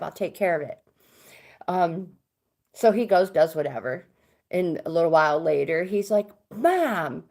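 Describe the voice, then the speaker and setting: A woman's voice: medium pitch, lively intonation, unhurried, pauses often, a little mellow. A middle-aged woman hosting a casual live stream, chatting with viewers and reading cards for them. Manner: chatty, reads viewer comments aloud.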